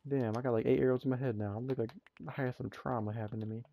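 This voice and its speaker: A young man hosting a gameplay session, telling stories in animated slang and swearing freely. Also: mid-range voice, quick pace, creaky, soft background music. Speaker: let's play host. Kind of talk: casual gameplay chat and storytelling. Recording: muffled lo-fi audio.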